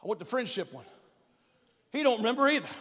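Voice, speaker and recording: A man preaching a sermon as pastor, emphatic and rising to shouts on key phrases, then dropping to soft asides, in a church sanctuary. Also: very high-pitched, very animated, fast talker. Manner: drops to soft, hushed asides. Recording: long hall reverb.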